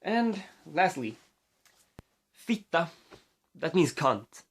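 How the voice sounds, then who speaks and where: A man's voice: medium pitch, animated, normal speed. Rambling Swedish man vlogging on a phone. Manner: rambling, with many fillers and restarts. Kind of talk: casual rambling vlog.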